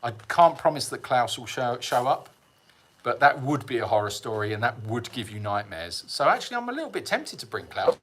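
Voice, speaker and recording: A man's voice: medium pitch, big pitch swings, brisk, fairly bright tone, slight background noise. A middle-aged man hosting a casual livestream, rambling and self-mocking, reading out viewer comments and chuckling often. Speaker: sanctuary livestream host.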